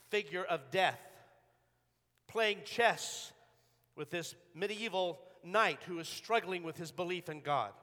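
A man pastor preaching a sermon, dramatic, swinging from hushed storytelling to loud, urgent declarations. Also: high voice, in a large hall.

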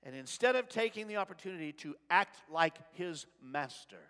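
A man preaching a sermon in a church sanctuary, swinging between shouted lines and soft asides. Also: a little high, lively intonation, moderate pace, clean tone. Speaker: pastor. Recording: long reverb of a large sanctuary.

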